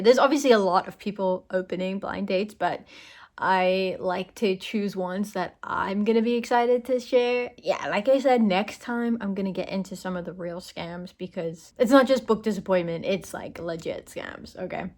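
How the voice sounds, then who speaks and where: A woman hosting a book channel, narrating clips in a loose, chatty commentary with casual fillers. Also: mid-range voice.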